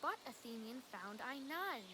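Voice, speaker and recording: A young woman playing a mischievous male fairy servant, speaking slow deliberate verse with sudden loud outbursts, recorded at an outdoor youth stage performance. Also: high-pitched, animated, noisy background. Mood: sly.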